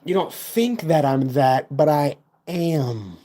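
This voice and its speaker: A male streamer talking to his chat in an unhurried drawl. He hypes himself up and repeats lines for effect. His volume jumps from loud bursts down to low mutters. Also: expressive. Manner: boastful, self-hyping. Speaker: live streamer. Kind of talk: casual livestream chat with viewers.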